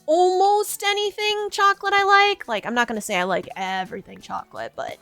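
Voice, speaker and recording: A woman's voice: very high voice, a little fast, fairly bright tone, soft background music. A young adult woman streamer chatting casually to her viewers, giggly and rambling, often restarting her sentences. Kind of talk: casual livestream chat with chat.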